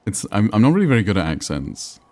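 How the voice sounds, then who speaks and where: A man's voice: fairly low pitch, big pitch swings, fast talker, a little mellow, soft background music. A man with a northern English accent chatting casually while streaming a game, musing and answering chat. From England. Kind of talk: casual gameplay commentary.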